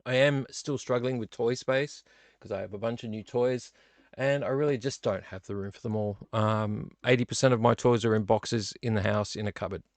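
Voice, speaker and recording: A middle-aged man, chatting casually and rambling to viewers on his live stream from a home studio, with a gravelly voice. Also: mid-range voice, normal speed, no room sound. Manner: rambling, chatty, self-deprecating. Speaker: vlog host.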